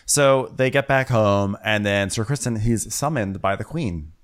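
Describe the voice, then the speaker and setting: A man's voice: on the low side, unhurried. A man co-hosting a casual comedic TV recap, chatty and rambling as he acts out characters. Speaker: podcast co-host.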